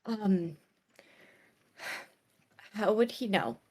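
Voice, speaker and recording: A woman playing a tabletop game, speaking in character in a hesitant, halting way with many restarts. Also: mid-range voice, lively intonation, mellow. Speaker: player. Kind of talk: in-character tabletop role-play.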